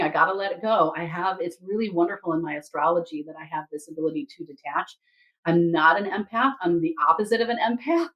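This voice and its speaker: A woman who reads Akashic Records, telling a story from a session in a casual, animated way and acting out the people in it. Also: on the low side, rough recording. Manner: animated, quotes others and herself in lively asides.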